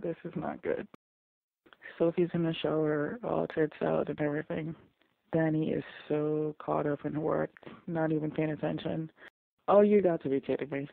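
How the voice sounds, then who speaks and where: A person reacting to a TV episode in casual audio commentary, excitable and gushing, quick to get emotional. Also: mid-range voice, gravelly, dry recording. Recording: dry, tinny phone-like sound.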